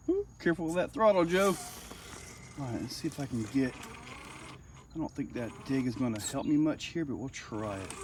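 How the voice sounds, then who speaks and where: A middle-aged man casually commenting while driving an RC crawler outdoors, chatty and easily excited, laughing often. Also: mid-range voice, moderate pace, pauses often. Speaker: RC hobby reviewer. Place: outdoors on a rock trail. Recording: distant mic, faint outdoor noise.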